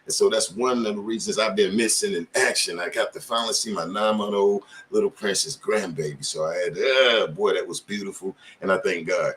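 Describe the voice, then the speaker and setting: A man's voice: on the low side, a bit bright, slight background noise. A middle-aged man hosting his channel, giving casual commentary in informal street talk and firing off pointed questions. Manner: impassioned, asks many pointed questions. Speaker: channel host.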